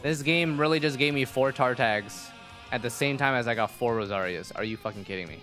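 A man's voice: medium pitch, fairly quick, fairly bright tone, soft background music. A man streaming a game live, exasperated and swearing at his bad luck. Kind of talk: live gaming stream reaction.

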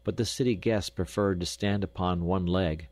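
Low-voiced male audiobook narrator. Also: no echo. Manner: measured, lightly expressive storytelling. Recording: dry close studio recording.

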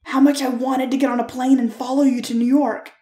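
A woman voicing an earnest, tender young man who pleads and coaxes with emphatic warmth. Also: high voice, little pitch movement, a little fast, echoey room, lightly acted.

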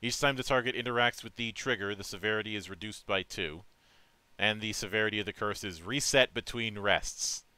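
A man reading tabletop game rules aloud on a stream, halting and restarting as he goes. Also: on the low side, pushed and bright, smooth, no echo. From United States. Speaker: vtuber game master.

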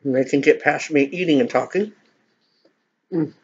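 A woman's voice: sits low, moderate pace, a little mellow, husky. A middle-aged woman chatting casually to viewers while eating, joking about herself. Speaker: mukbang vlogger. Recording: dull lo-fi home recording.

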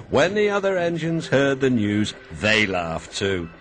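A man's voice: medium pitch, a little slow, few pauses. British man narrating a children's story. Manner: very animated and expressive. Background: background music.

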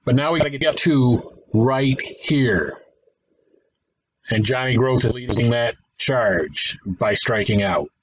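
A man's voice: mid-range voice, slight background noise, low-quality recording. A man giving casual play-by-play commentary on a simulated baseball game, thinking aloud, correcting himself and adding wry asides. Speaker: gaming channel host.

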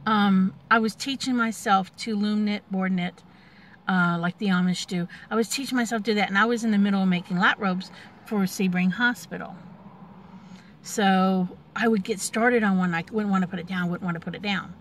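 A woman's voice: medium pitch, steady tone, moderate pace, a little hiss or hum. A woman in her forties telling a personal family story in a candid, rambling way, with many fillers and restarts. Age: 40s. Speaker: vlogger.

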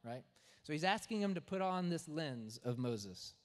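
In a church sanctuary with long church reverb, a man with a somewhat high, expressive voice preaches as pastor at normal speed. He talks conversationally and often checks in with "right?".

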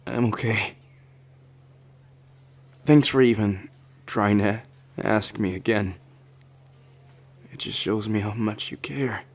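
Man doing shy anxious Tamaki Amajiki, slow breathy whispers. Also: fairly low pitch, steady tone. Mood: tender, insecure. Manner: soft, hesitant, flustered stammering. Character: shy anxious young man, timid and self-doubting. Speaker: ASMR roleplayer. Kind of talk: whispered role-play.

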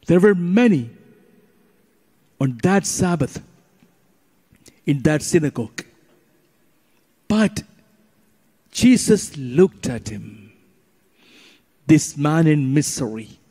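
A middle-aged man, a priest, preaching slowly and emphatically during Eucharistic adoration, with long pauses between phrases. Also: a little high, big pitch swings, dark tone. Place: church or retreat chapel. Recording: long hall reverb.

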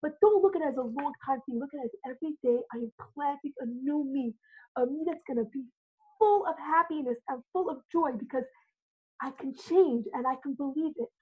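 Excited woman, high voice, sounds like she's on a phone call, acts out every quote. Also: a little fast. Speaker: self-love coach, guest. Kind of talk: enthusiastic motivational storytelling. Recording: phone-like narrow audio.

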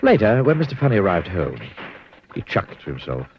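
A man narrating a children's storybook aloud in an animated, giggly way. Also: fairly low pitch, fairly quick, highs cut off, noisy background. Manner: animated, giggles through the reading.

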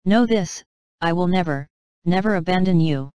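A woman voicing a loving fatherly king who speaks solemnly and gently in a storybook reading. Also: lowish voice, normal speed, clean tone, no room sound, muffled recording, natural voice. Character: loving fatherly old male king, grave and tender.

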